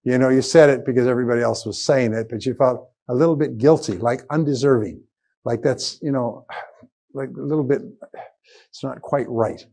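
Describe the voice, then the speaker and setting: A man's voice: medium pitch, normal speed, vocal fry, warm tone. An older man speaks at a motivational seminar, speaking to a live audience in a mid-range voice. He is emphatic and repetitive, hammering short phrases and rising to punchy exclamations.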